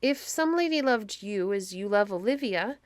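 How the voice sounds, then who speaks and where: A woman reading aloud, voicing a gentle, meek young woman disguised as a page, speaking softly and wistfully. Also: mid-range voice, animated, normal speed, no echo, lightly acted.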